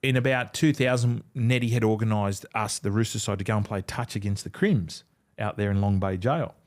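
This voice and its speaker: An Australian man with a brisk, lowish voice spins casual yarns as a guest on a podcast. He's a former rugby league player who swears freely and acts out other people's lines while chatting.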